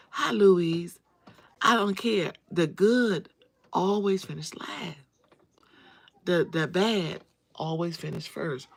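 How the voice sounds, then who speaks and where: A woman hosting a casual livestream, talking straight to her viewers, greeting them by name and repeating phrases for emphasis. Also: lowish voice. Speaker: livestream host. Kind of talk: casual live-stream chat.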